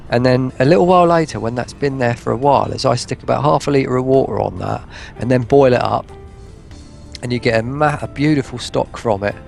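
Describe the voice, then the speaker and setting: A man's voice: medium pitch, a little fast, gravelly, a little mellow, faint music behind. A man, a guest on a stream, chatting in a rambling, teasing way and laughing at his own jokes. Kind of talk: casual chat.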